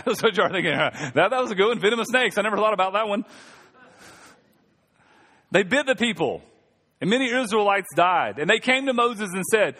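A man's voice: high voice, normal speed, pauses often. A man preaching a sermon as pastor, reading scripture and joking with the congregation. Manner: joking, animated preaching with audience asides. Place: church sanctuary. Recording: long reverb of a church hall.

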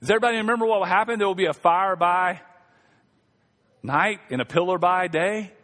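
In a large church sanctuary, a male pastor with a high, brisk, fairly bright voice preaches a sermon in a conversational, humorous way, calling on the congregation to respond.

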